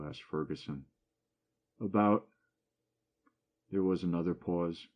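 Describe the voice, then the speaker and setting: Deep-voiced male audiobook narrator. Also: unhurried, highs cut off. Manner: lifts his voice for dialogue, drops for narration. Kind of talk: audiobook reading of a classic short story.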